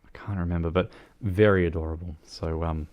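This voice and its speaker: Driving in a game during a casual livestream, a New Zealand streamer rambles along with plenty of fillers and restarts, making self-deprecating jokes. He speaks fairly quickly in a low, steady, darkish voice.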